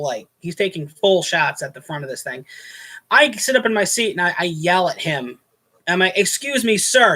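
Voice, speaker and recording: A man's voice: high-pitched, fairly bright tone. A man hosting a casual show, telling a rambling, exasperated story about a pushy guest at his hotel night-desk job, with many restarts.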